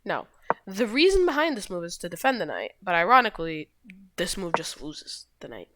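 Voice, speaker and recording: Lively low-voiced woman explaining chess. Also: brisk, noisy background. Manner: rambling, self-correcting, shrugs things off. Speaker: chess video host. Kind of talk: casual chess game walkthrough.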